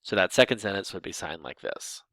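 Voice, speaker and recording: Guy teaching a linguistics lesson, low voice, swoops up and down a lot, dry close sound. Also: brisk, no echo. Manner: lively, emphatic, with frequent restarts. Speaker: ASL linguistics instructor. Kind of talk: explanatory lecture.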